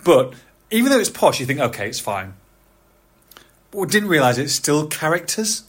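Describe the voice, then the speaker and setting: Chatty man in his forties, slightly high voice. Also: fairly quick, slightly rough. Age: 40s. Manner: chatty, animated storyteller, laughs often. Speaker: podcast host. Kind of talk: casual chat.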